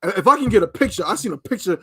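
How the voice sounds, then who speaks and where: A man co-hosting a casual talk show, telling a story with emphatic, animated delivery. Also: high voice, fast talker, gravelly, slightly rough. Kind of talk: casual podcast chat.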